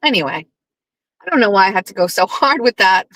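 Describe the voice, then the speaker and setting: Woman host, casual monologue, lively storyteller who acts out lines, crisp and forceful tone. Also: medium pitch, a little fast, no room sound, poor audio. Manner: animated storyteller who acts out quoted lines, blunt and profane. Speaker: podcast host.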